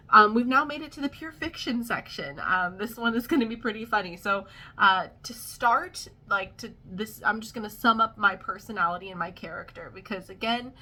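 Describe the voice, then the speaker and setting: Chatty young woman with a bright voice. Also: mid-range voice. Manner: chatty, laughing, self-deprecating, many fillers. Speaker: vlogger. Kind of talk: casual storytime vlog.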